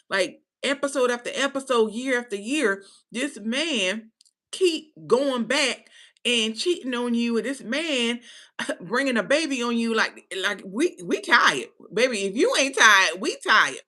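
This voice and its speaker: A woman with a bright, forward voice chats through a casual live commentary. She talks in an animated, slangy way, checking in with listeners again and again. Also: a little high, measured pace. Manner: chatty, animated, slangy with "baby" and "right?". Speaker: host.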